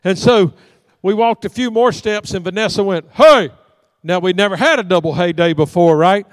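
High-voiced pastor telling stories. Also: male voice, a little fast, dry recording, big-room sound. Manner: folksy storyteller acting out dialogue. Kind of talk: storytelling sermon. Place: church sanctuary.

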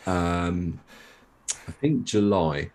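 Very deep-voiced, monotone man. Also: very slow. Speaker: podcast guest. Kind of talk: casual chat.

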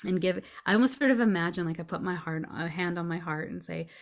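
A fast-talking woman with a fairly low voice, she's a grief coach guesting on a podcast. She explains emotions conversationally, earnestly and reassuringly, often checking in with whoever's listening.

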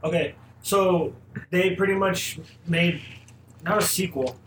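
Laid-back male guest, slightly high voice, echoey room with faint hiss. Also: slow, a bit bright. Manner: laid-back, hesitant, uses fillers. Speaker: podcast guest. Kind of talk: casual podcast chat.

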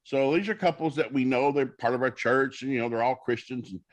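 Talking a little quickly in a medium-pitched voice, a male minister on a talk show shares folksy, sermon-flavored stories. He acts out the lines of the people he quotes.

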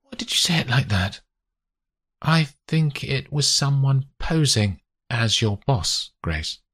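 A man doing a calm, probing investigator woman. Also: rumbling low, takes it slowly, breathy edge, voice pushed up, heavily acted.

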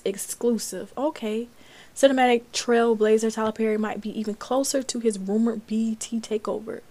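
A young woman from Florida hosts her own podcast, chatting loosely and reacting to the news as she reads it aloud. She sounds animated, with a voice a little higher than most women's. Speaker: podcast host. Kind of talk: casual commentary.

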